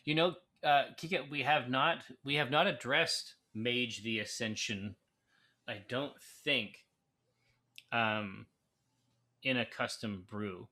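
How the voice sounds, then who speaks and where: A man's voice: mid-range voice, takes it slowly, sharp tone. A man co-hosting a live brewing stream, chatting casually with many fillers and restarts. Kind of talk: casual chat while reading viewer comments.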